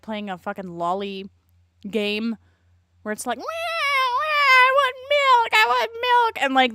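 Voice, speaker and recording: A woman's voice: medium pitch, a bit bright, dry recording, clean studio sound. A woman streaming, chatting casually in a blunt, rambling way and swearing a lot. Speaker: streamer reacting to a video.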